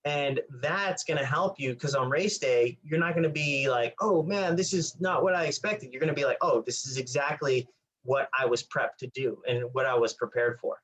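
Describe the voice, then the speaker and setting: Man, mid-pitched voice, casual coaching talk, relaxed, lots of "like". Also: moderate pace, low-quality recording. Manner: relaxed explaining, many "like"s. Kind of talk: casual chat.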